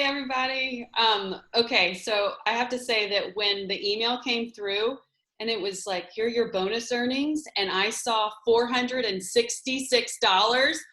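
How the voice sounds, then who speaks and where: A bubbly, excitable woman sharing news with her team on a group call. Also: a little high, a little slow, roomy sound.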